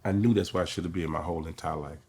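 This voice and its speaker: A middle-aged man with a drawl spins stories as an interview guest. His low voice has a husky edge, and he brings the people in his tales to life by acting out what they said. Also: racing. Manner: animated storyteller, acts out quotes. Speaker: comedian guest. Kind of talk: storytelling interview.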